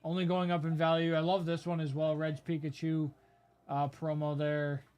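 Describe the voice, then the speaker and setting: A man's voice: fairly high pitch, monotone, normal speed, a little mellow, smooth. A man hosting a live card-break stream, rambling through a list of items with lots of fillers. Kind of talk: casual live-stream commentary.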